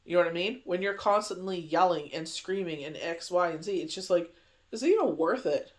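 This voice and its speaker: A man's voice: high voice, a little fast. A man giving a casual daily tarot reading, rambling and chatty with lots of conversational fillers. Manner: rambling, chatty, heavy on "you know" fillers. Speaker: tarot reader.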